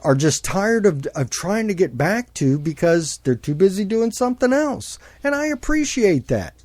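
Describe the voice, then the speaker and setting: A man argues politics with real passion, hammering his points and repeating them. His voice sits somewhat high for a man. It is recorded close and dry, with no room sound. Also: darkish tone, dry recording. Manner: passionate, emphatic, repeats himself. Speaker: guest. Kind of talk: heated political chat.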